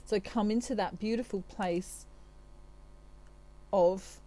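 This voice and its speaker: Mellow-voiced woman giving a tarot reading. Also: mid-range voice, steady tone, slow, rough recording. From Australia. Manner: chatty, reassuring, many asides. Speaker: tarot reader.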